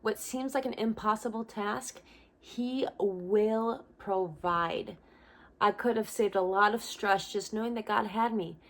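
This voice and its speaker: A young woman, a missionary, telling her personal testimony in an earnest, animated vlog at home. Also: mid-range voice, unhurried.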